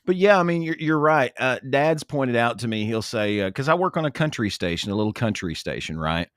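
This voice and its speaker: A man's voice: mid-range voice, expressive, brisk, fairly bright tone, no room sound, clean studio sound. A man in his forties, a radio DJ, chatting on a podcast in an easygoing, talkative way. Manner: easygoing, talkative, laughs readily. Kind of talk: casual chat.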